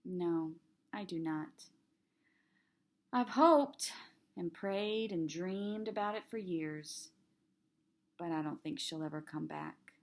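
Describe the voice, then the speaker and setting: A woman doing a soft, weary preacher dad. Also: on the low side, slow, pauses often. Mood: tender. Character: sad, gentle middle-aged preacher father.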